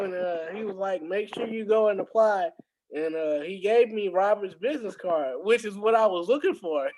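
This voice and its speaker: Man, high pitch, casual storytelling, laughs a lot, acts out quotes. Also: normal speed, low-quality recording. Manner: animated, laughs often, acts out quoted dialogue. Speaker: podcast guest.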